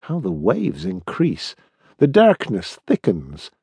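A man voicing a melancholy ship's surgeon who speaks softly and wistfully. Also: fairly low pitch, huge pitch swings, slow, creaky, husky, dry recording, heavily acted. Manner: soft, wistful and musing.

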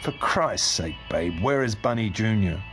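A man's voice: on the low side, lively intonation, a little slow, music in the background. A man voicing an irritable, swearing husband in a storybook reading. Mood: exasperated. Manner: exasperated, swearing. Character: irritable, crude middle-aged husband.

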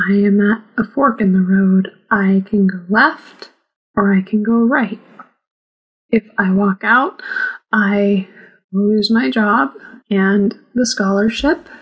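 Woman, audiobook narrator, first-person memoir, measured delivery, husky tone. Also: medium pitch, low-quality recording. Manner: slow, measured reading.

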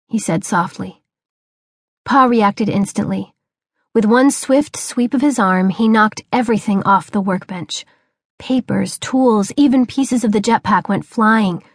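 A woman reading a children's novel as an audiobook narrator, with clear, steady storytelling. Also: mid-range voice, dry recording, clean studio sound.

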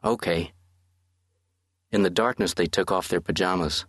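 A male audiobook narrator with a deep, husky voice reads scripted narration, telling the story in a steady, measured way. The recording is dry, with clean studio sound.

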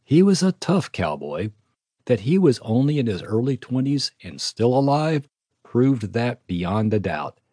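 Brief: male audiobook narrator, warm husky voice, lively intonation, dry close sound. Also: medium pitch, dry recording. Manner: steady storytelling. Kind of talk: scripted narration.

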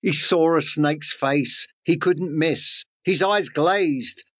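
A man's voice: on the high side, slow pace, fairly bright tone, no room sound, studio quality. A man narrating rhyming children's fables in a sing-song storytelling manner. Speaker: audiobook narrator and author.

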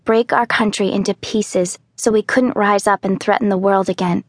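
A woman narrating a children's audiobook in the first person, telling the story calmly and clearly. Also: medium pitch, moderate pace. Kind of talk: scripted narration.

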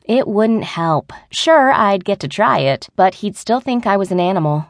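A woman narrating an adult audiobook in the first person with an even storytelling delivery. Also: mid-range voice, moderate pace, no echo, studio quality.

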